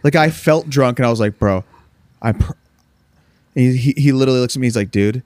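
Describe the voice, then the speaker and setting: A man's voice: mid-range voice, rapid-fire, darkish tone, dry recording. A young man on a casual podcast, telling a story loosely with swearing and lots of restarts. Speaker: podcast co-host. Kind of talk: casual chat.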